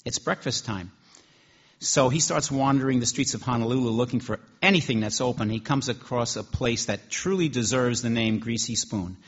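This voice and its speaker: A man's voice: medium pitch, normal speed, husky, highs cut off. A man preaching a sermon, telling a story in a conversational way with frequent restarts.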